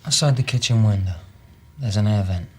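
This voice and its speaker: A man's voice: lowish voice, brisk, darkish tone, slight background noise, lightly acted. An actor playing an evasive male city trader with a Cockney accent, a suspect answering police questions defensively.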